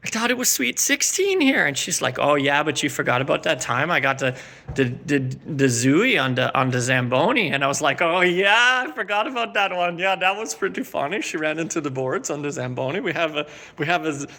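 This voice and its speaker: Midwestern man, middle-aged, gravelly voice, very lively pitch, rambling comic monologue. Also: a little fast. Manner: rambling, filler-heavy, laid-back storytelling. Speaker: comedic character host.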